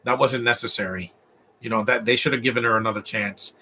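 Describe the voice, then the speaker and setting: A man's voice: mid-range voice, fairly even intonation, fast talker, bright, forceful tone, slight background noise. A man giving casual, opinionated live commentary while watching a movie, rambling through asides and restarts.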